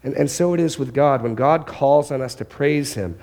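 A man's voice: mid-range voice, moderate pace, a little mellow. A man preaching a sermon as pastor, earnest, often restarting and repeating words as he goes.

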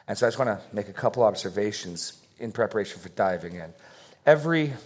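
A man teaching a Bible passage to his congregation in a conversational way, thinking aloud with fillers and slowing down to stress the verses he reads. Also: lowish voice. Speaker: pastor.

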